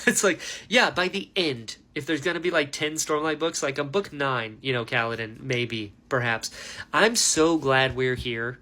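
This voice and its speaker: A man giving a casual, animated book reaction, ranting with lots of fillers. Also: medium pitch, a little slow. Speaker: book reviewer.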